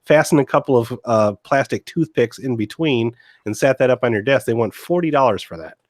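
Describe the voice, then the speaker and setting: A man's voice: medium pitch, lively intonation, a little fast, dry recording, studio quality. A man co-hosting a podcast, ranting in casual chat and exasperated, swearing often. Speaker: podcast co-host.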